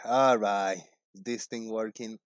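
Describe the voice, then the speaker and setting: A man's voice: fairly low pitch, fairly even intonation, slow pace, no echo. A man hosting a live chat stream, upbeat and greeting his viewers one by one by name. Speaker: livestream host.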